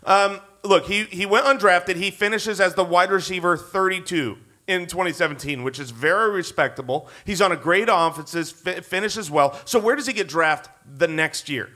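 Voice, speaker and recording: A man co-hosting a live podcast on a theater stage, talking in an energetic, fast and emphatic way. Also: high-pitched. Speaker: podcast co-host. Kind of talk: live podcast banter before an audience.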